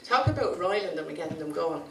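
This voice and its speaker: A woman's voice: lowish voice, animated, quick pace, a bit bright, a little hiss or hum. A woman with an Irish accent, a community activist giving a chatty, anecdotal storytelling speech at a conference. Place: conference hall. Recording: roomy sound from a distant mic.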